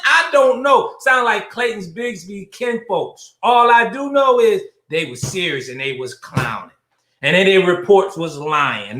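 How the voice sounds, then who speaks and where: A middle-aged male host delivers blunt, profane livestream commentary and greets viewers by name. His voice sits high and sounds bright and forceful. The sound carries an echoey room. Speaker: show host.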